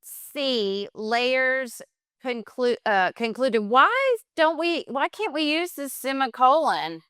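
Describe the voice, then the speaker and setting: A woman's voice: high voice, very animated, slow, sharp tone, smooth, no echo, studio quality. A woman co-teaching an online class, reading out poll results and adding friendly, supportive comments. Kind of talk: virtual class lesson.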